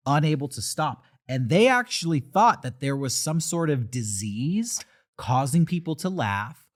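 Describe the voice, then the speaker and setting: A man's voice: a little high, unhurried. A man co-hosting a podcast in casual chat, teasing his partner and telling stories. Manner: animated, teasing, storytelling. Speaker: podcast co-host.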